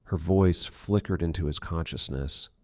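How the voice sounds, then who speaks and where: A man reading an audiobook thriller in measured, dark scripted narration. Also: low-pitched, no room sound, clean studio sound.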